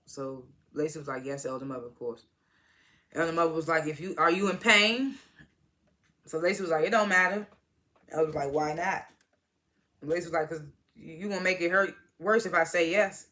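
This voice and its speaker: A woman's voice: lowish voice, brisk, bright, forceful tone. A woman casually recapping a TV episode, retelling scenes by quoting each character in turn and laughing at them. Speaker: TV show reviewer.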